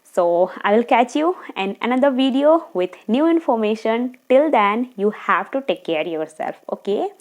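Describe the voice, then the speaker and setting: A woman giving earnest, encouraging speaking tips straight to camera, talking fast at times and checking in with her viewers. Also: fairly high pitch, expressive. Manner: talks fast, sometimes slows down deliberately. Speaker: English-speaking coach. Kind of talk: tutorial monologue to camera.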